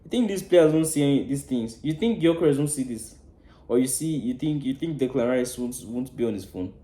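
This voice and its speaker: A man with a warm, mellow voice of middling pitch rants about football like a preacher, cursing freely and dropping from loud outbursts to near-whispers. The sound bounces around a roomy, echoey space. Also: expressive, brisk. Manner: impassioned, preachy, swears freely, swings between loud and hushed. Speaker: football fan channel host. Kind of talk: passionate match-reaction rant.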